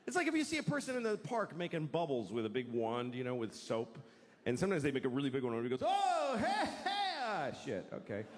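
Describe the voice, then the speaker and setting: A man doing a stand-up comedy set, swearing freely and acting out the voices of the people in his stories. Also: a little high. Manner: profane, acts out quoted voices. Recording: long hall reverb, faint noise.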